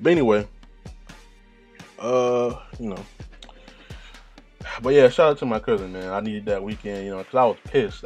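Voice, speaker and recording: Deep-voiced man rambling casually. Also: a little mellow. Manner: rambling, profane, laid-back, laughs at himself. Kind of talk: casual monologue.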